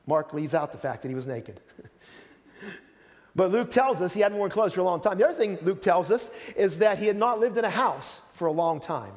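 A man's voice: sits high, animated, a little fast, in a large hall. A man preaching a sermon as pastor, earnest, often repeating words as he starts a sentence.

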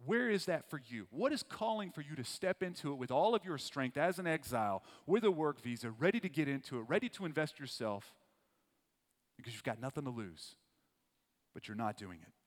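A man's voice: fairly high pitch, very animated, a little fast, few pauses. A man preaching a sermon to a church congregation, earnest and emphatic, repeating his key phrases. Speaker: pastor. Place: church auditorium. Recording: long hall reverb.

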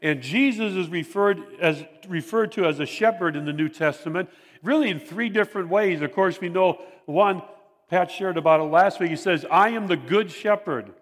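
Male pastor, sermon delivery, emphatic and repetitive, slightly high pitch, long hall reverb. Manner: measured, emphatic preaching with repetition.

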